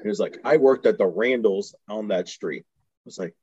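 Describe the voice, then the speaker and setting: A man's voice: fairly low pitch, normal speed, darkish tone, slightly rough, no room sound, muffled recording. A man from Houston telling stories in casual chat as a podcast guest, laughing often and acting out the voices of people he quotes. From Houston, Texas. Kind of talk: casual storytelling.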